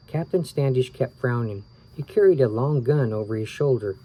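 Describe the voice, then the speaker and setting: A man reading a children's book aloud, relaxed and tired, stopping for small asides and rereading his slips. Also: mid-range voice, normal speed, few pauses, husky, low-quality recording. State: tired, yawning. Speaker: reader of children's books.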